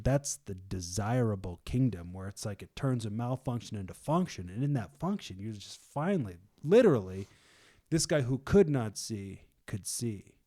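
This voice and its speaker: A young man leading a casual Bible discussion, retelling the story with animated voices and laughs. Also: mid-range voice. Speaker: Bible study leader.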